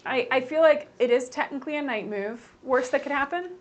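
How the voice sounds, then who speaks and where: A woman's voice: high voice, fairly quick, dull audio. Chatty woman game master, many fillers. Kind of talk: narrating a tabletop game.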